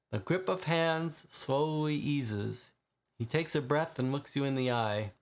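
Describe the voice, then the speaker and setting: In an unhurried, medium-pitched voice, a man plays a gamebook, reading it aloud to viewers and commenting on the choices he makes.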